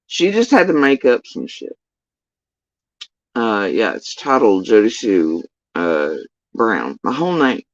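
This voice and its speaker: Cussing woman ranting on a live stream, sarcastic and fed up, dry flat-sounding mic. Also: rumbling low, slow pace, no room sound, highs cut off. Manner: profane, sarcastic, exasperated ranting. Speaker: YouTube drama commentator. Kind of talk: casual ranting livestream commentary.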